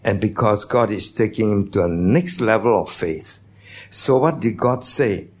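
A man's voice: on the low side, measured pace, darkish tone, breathy edge. A man preaching a sermon as pastor, teaching, asking the congregation questions, with non-native phrasing.

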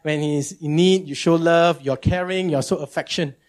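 A male pastor preaching a sermon, animated and emphatic, often repeating words for effect. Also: normal speed. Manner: animated, emphatic, jumps into high mimicking.

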